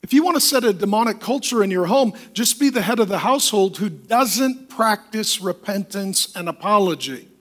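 A man with a high-pitched voice delivers a sermon as pastor. He preaches with emphasis and slips into quoted voices to make his points. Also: lively intonation, normal speed, hardly any pauses, a bit bright.

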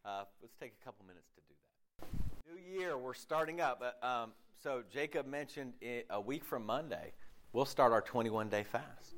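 A male pastor giving a casual sermon, his voice hoarse and deeper than usual from a lost voice, rambling with many fillers and restarts before a congregation. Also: lively intonation, moderate pace, a bit bright. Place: church service before a congregation.

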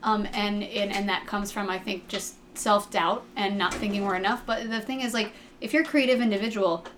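A woman from Ohio speaks in casual group chat, rambling and emphatic, with plenty of fillers. Her voice sits mid-range in pitch. Faint room ambience runs underneath. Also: fairly even intonation, brisk, a bit bright, slight background noise. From Ohio, USA.

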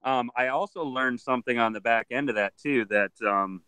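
A man's voice: medium pitch, moderate pace, smooth, no room sound, rough recording. A man who handles alligators and crocodiles, telling stories in a casual interview and acting out the voices of people he met. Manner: animated storyteller who acts out other people's voices. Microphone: video call.

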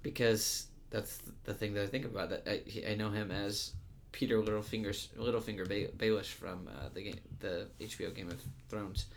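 A man with a somewhat low voice talks through a film scene in a loose, rambling way. He leans on fillers and restarts as he goes, in an easy co-host chat. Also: a little fast, gravelly, few pauses, slight background noise. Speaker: podcast co-host. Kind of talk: casual movie discussion.

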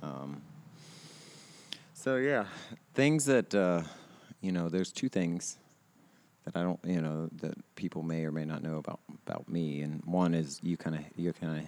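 Man, 30s, very low voice, loose rambling podcast host full of filler words. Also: unhurried, a little mellow. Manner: rambling, heavy on fillers and restarts, laughs often. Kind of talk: casual chat. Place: outdoors.

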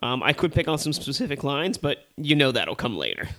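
Male co-host, slightly high voice, lively profane movie ranter. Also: a little fast. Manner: animated, profane ranting. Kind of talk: casual chat.

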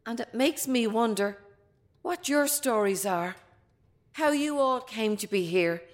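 A fierce older Irish grandmother, defiant yet tender with her family. She speaks slowly and earnestly in a fairly high, dry voice. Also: lively intonation, dry recording. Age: 70s. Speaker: prisoner. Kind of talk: film drama acting.

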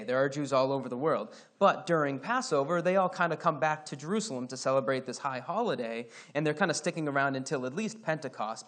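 A man from Scotland giving a casual Bible teaching, talking conversationally and reading scripture passages aloud. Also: mid-range voice.

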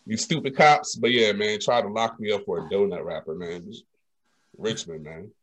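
A young man telling a story in casual chat, animated and slangy, acting out the lines of the people in it. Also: on the low side, moderate pace.

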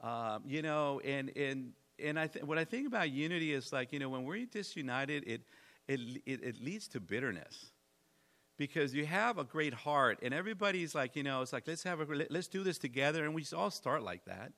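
A man's voice: mid-range voice, animated, moderate pace, gravelly, sharp tone. A middle-aged man preaching conversationally to his congregation, rambling and repeating himself, building in intensity. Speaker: pastor. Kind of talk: sermon.

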